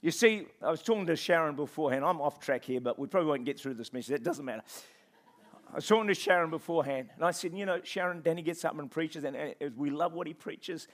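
A man preaching a sermon in church, swinging from quiet reflection to loud, impassioned calls and repeating phrases for emphasis. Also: on the high side, fast talker. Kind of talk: passionate sermon.

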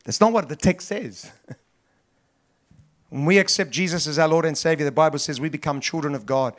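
A man preaches a sermon in a voice that sits a little high for a man. He is emphatic and repetitive, rising loud on key words and then falling quiet. He sounds like a middle-aged pastor working through his points. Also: moderate pace, long pauses. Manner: emphatic, repetitive preaching with big swings in pitch and loudness.

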